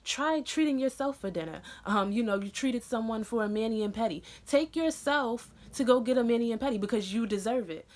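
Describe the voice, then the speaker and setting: A woman's voice: a little high, brisk, hardly any pauses. Earnest young woman giving vlog pep talk. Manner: earnest and encouraging, many "um" and "you know" fillers; animated and excitable in bursts. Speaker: vlogger. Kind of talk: casual motivational vlog talk.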